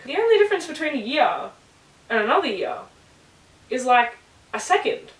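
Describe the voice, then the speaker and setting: A woman's voice: on the high side, big pitch swings, measured pace, pauses often, a bit bright, distant mic. Chatty Australian woman vlogging in an echoey room. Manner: chatty, emotional, laughs often, swears. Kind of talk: casual storytime vlog. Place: her bedroom, indoors. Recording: echoey room, camera set back.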